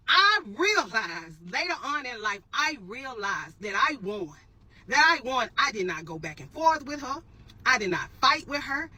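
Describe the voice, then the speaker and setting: Animated woman telling a story straight to camera. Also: a little high, slightly rough, poor audio. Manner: animated, addresses viewers as y'all, emphatic repetitions. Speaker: storytelling vlogger. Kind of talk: casual storytelling to viewers.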